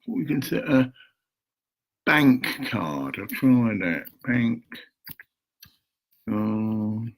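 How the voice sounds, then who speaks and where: A man's voice: mid-range voice, expressive, drawn-out words, pauses often, low-quality recording. An older man, rambling and muttering to himself at home while talking to camera, swearing now and then. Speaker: vlogger.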